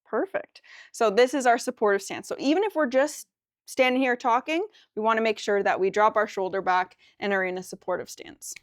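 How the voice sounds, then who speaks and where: A woman helps at a caregiving workshop by demonstrating a technique. She speaks calmly and plainly in a fairly high voice, explaining as she goes. The sound is dry. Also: brisk, no room sound. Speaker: workshop co-presenter.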